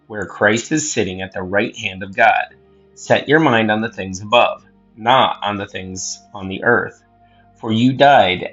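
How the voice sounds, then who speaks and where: A man hosting his own channel, reading scripture aloud in a measured, earnest way and adding a casual word study. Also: fairly low pitch, a bit bright, husky, muffled recording. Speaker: host and scripture reader.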